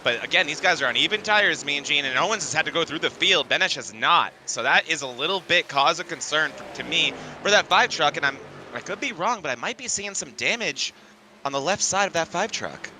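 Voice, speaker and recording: A man calling a sim racing broadcast in play-by-play, with energetic, excitable calls. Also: fairly high pitch, a little fast, slight background noise. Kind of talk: play-by-play commentary.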